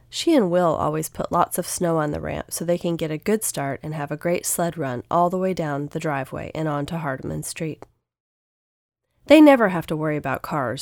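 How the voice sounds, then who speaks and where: Low-voiced woman narrating a children's story. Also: darkish tone, no room sound, clean studio sound. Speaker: audiobook narrator.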